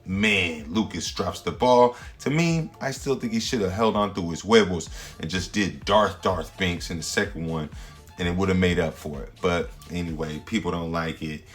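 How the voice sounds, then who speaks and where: Low-voiced joking comedian host. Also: male voice, moderate pace, faint music behind. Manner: slangy, rambling, playful jokes with sudden loud jumps. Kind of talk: comedic monologue.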